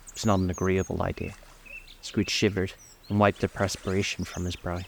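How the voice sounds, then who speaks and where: A man reads a story aloud in a very deep, low voice. His delivery is measured and even, like an audiobook narrator. Soft birdsong and outdoor sounds are faintly audible behind him. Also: vocal fry, a little hiss or hum.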